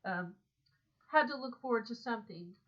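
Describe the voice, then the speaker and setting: A woman talks straight to the camera in a casual vlog, calm and matter-of-fact, stopping often to hunt for words. Her voice sits a bit high. The recording is dull and lo-fi. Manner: calm, matter-of-fact storytelling with frequent "um" pauses. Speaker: vlogger. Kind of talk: casual first-person vlog monologue. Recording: dull lo-fi sound.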